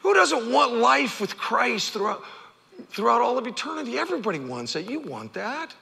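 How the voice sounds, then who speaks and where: A male pastor preaching an animated sermon, stammering over repeated words and pausing for effect. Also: very high voice, creaky. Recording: long hall reverb.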